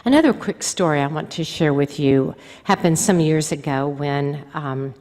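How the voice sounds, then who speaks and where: This religious sister addresses a convention audience with conversational storytelling, performing the quoted speech, in a large hall whose reverb is audible in the recording. Her voice sits low, with a moderate pace and a darkish tone.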